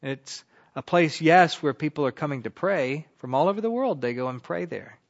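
A man teaching a Bible lesson like a sermon, talking in a conversational way and swelling loudly on key words. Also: on the high side, expressive, moderate pace, creaky. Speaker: pastor teaching a Bible class. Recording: dull lo-fi recording.

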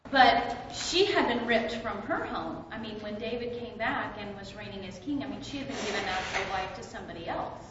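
A woman's voice: mid-range voice, fairly quick, hardly any pauses, background noise. A woman in a casual discussion, earnestly raising a counterpoint. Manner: earnest, pushes back with a counterpoint. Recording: distant, echoey, muffled room.

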